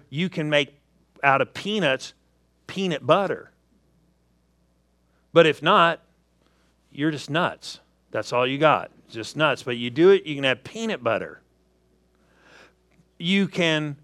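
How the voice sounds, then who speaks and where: Man, preacher, sermon, lively story-driven delivery, bright tense voice, dry close sound. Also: on the high side, takes it slowly, pauses often, dry recording. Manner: animated storytelling with acted asides.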